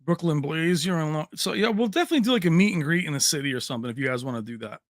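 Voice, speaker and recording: A man's voice: a little high, expressive, very fast, no echo, clean studio sound. A man hosting a casual livestream, reading out viewers' names and locations and joking with the chat. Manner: chatty, reads names and places aloud, jokey. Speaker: livestream host.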